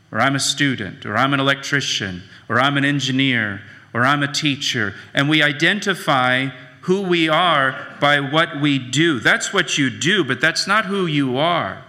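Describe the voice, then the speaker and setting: Man, pastor, sermon, emphatic repetition, very bright tone, long hall reverb. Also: a little high. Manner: slow, emphatic preaching with repeated phrases.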